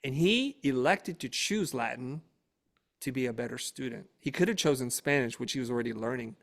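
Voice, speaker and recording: Gravelly middle-aged man telling a story. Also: medium pitch, a little fast. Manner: animated, acts out dialogue in raised voice. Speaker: interview guest. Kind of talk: casual storytelling.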